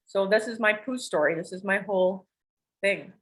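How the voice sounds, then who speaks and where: A woman speaking as a guest on a talk podcast, pouring out personal stories in a rambling, confessional way. Her voice sits at an ordinary middle pitch and turns emotional as she talks, with casual swearing along the way. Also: normal speed, poor audio. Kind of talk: candid personal storytelling.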